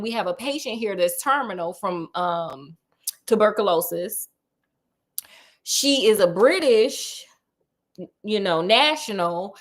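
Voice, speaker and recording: A woman retelling a classic story in a casual, animated way, full of jokey slang asides to her listeners. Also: a little high.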